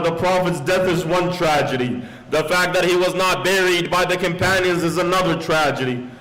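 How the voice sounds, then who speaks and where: A man's voice: fairly high pitch, a bit bright, low-quality recording. A man preaching as a sheikh in a mosque, telling a solemn story and slipping into quoted Arabic phrases. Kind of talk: sermon.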